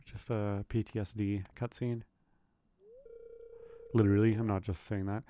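A man's voice: lowish voice, level tone, unhurried, pauses often, mellow. A man casually commenting on his own farming game playthrough, chatty and rambling with lots of fillers. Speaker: gaming video creator. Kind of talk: relaxed let's play commentary.

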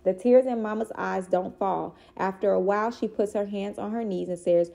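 A woman reading a children's chapter book aloud in a steady, expressive way. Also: medium pitch, moderate pace, vocal fry. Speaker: reader.

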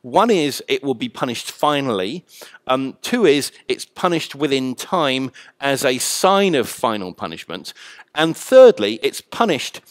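A male Bible scholar explaining a letter in a measured, thoughtful way, pausing often on "uh". His mid-pitched voice sits in a dry, close sound. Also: big pitch swings, dry recording. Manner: measured, thoughtful, with frequent "uh" pauses. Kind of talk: explanatory teaching.

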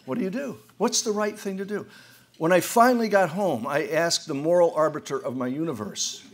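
At a roundtable in an event hall, a man from the US, sixty or older, speaks fairly quickly with a slightly high voice. He delivers humorous, self-mocking stories in a wry manner, often starting his sentences over.

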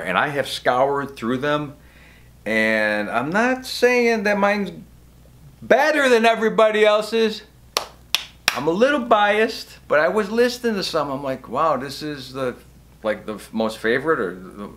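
A man's voice: on the high side, fairly bright tone. A man vlogging straight to camera about his podcast, emotional and imploring, raising his voice now and then. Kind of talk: casual direct-to-camera vlog. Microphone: camera facing him.

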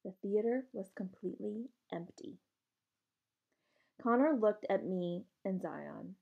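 A woman reading a novel aloud in steady first-person narration, with casual asides to her listeners. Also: mid-range voice, takes it slowly, gravelly, husky, narrow, tinny audio. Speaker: reader.

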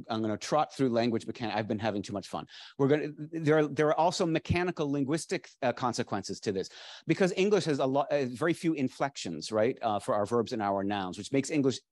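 A man's voice: mid-range voice, a little mellow. A middle-aged man lecturing to a live audience with eager, rambling energy, often circling back to restart his sentences. His voice sits in an ordinary middle register. The sound is close and dry, with little room echo. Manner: enthusiastic, digressive, with frequent restarts and fillers. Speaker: lecturer, dictionary editor. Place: library lecture space.

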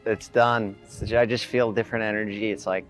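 A man's voice: lowish voice, fairly even intonation, fast, faint music behind. A man in casual chat outdoors at a beach, telling stories in a rambling, profane way with stammered restarts. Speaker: guest on a dating segment.

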